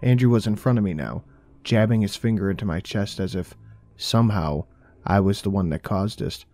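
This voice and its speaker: Deep, dark-voiced horror narrator. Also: male voice, normal speed.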